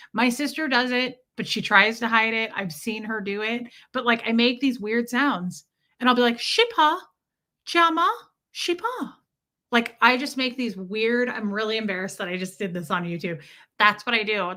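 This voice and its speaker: Female streamer, casual chat host; bright, slightly high voice, lively delivery. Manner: chatty and animated, replies to viewers by name. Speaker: livestream host reading chat.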